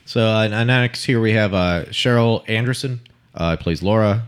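A man's voice: lowish voice, normal speed, clean tone. A man co-hosting a casual TV review chat, hesitant, with many fillers, stumbling over names. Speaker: podcast co-host.

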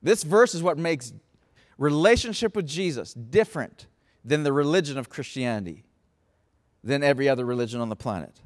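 A man preaching a sermon, passionate, moving from hushed tones to shouting. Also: medium pitch, animated, brisk. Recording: long reverb in a large hall.

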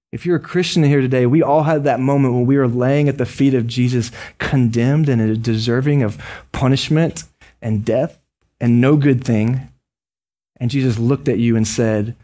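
A man preaching a sermon as a pastor, conversational and joking with quick asides. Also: mid-range voice, dark tone.

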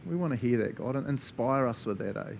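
A man's voice: medium pitch, expressive, fairly quick, vocal fry, a little mellow, slight background noise. A man preaching a sermon as a pastor, earnest and conversational, laughing often between asides.

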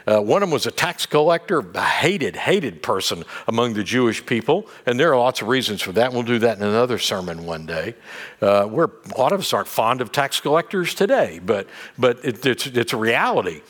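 A man's voice: medium pitch, brisk. Middle-aged pastor guy preaching, chatty and joking, voice jumps all over. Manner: conversational, animated preaching with humor and restarts. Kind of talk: sermon.

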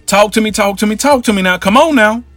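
A storyteller doing a pushy hustler man, pitched well above his own voice, who talks loud and fast. He chants the same phrases over and over and hurries everyone along. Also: no echo, faint music behind. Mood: eager hustling. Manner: pushy, repeats himself, quick patter.

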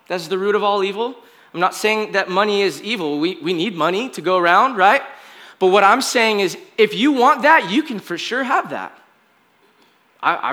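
A man's voice: high-pitched, sharp tone. A young man preaching a conversational, confessional sermon as a pastor, peppered with casual filler words.

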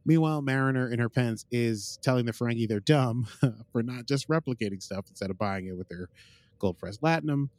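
A man's voice: mid-range voice, brisk, a little mellow, no room sound. A man hosting a podcast, casually recapping an episode in a rambling way, full of uh and like, and quoting the characters as he goes. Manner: rambling, fills gaps with uh and like, quotes characters. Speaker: podcast host.

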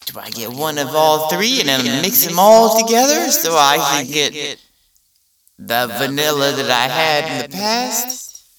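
A man's voice: a little high, very animated, unhurried, distant mic, crowd noise. Rambling, profane comedy podcaster man. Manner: rambling, profane, incredulous ranting. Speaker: podcast host. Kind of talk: freestyle comedy monologue.

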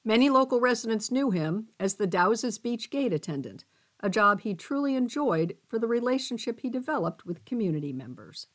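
A woman reading a local newspaper column and obituaries aloud for a radio reading service, with expressive delivery. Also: on the high side, moderate pace. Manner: expressive reading, voicing quotes. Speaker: volunteer newspaper reader.

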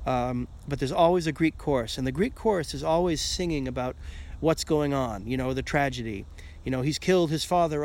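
A man's voice: mid-range voice, fairly quick, a little mellow. A man hosting a podcast in a casual solo monologue, rambling and checking in with "okay?" as he goes. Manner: rambling, keeps asking "okay?", swears casually. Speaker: podcast host.

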